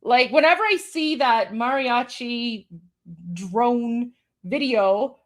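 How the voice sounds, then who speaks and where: High-voiced woman hosting a mocking livestream. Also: slow. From Iran. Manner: mocking and incredulous, many fillers. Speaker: livestream host. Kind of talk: casual commentary on video clips.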